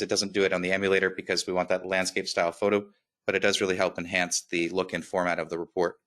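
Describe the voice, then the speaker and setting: A man with a slight lisp presenting a software demo in an upbeat, quick webinar walkthrough, often checking in with "right?". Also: low voice.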